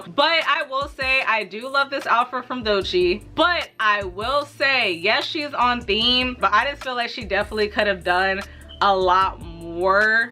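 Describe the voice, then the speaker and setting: A woman's voice: mid-range voice, sharp tone. A young woman giving a casual, opinionated fashion review, talking around retainers, with lots of fillers and restarts. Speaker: fashion vlogger.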